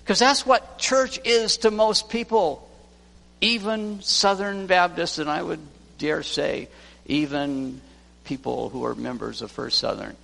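A man who is a pastor preaching a sermon, swinging from loud emphasis to hushed lines. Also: fairly high pitch, a little slow, creaky. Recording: long church reverb.

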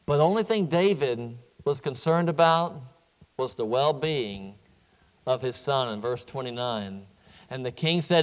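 Guy preaching a sermon, slow n earnest, kinda high voice, big echoey hall. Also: lively intonation. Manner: slow, earnest expository preaching with repeated words.

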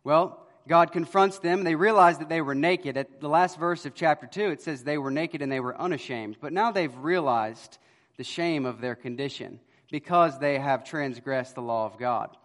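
A man preaching a sermon, telling stories and moving between loud emphasis and quiet, low lines. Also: moderate pace, long reverb tail. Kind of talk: expository sermon.

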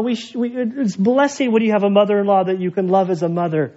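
A man's voice: high voice, fairly even intonation, quick pace, few pauses, warm tone. A man preaching an expository sermon in a church, conversational with joking asides. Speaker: pastor. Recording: dull lo-fi sermon recording.

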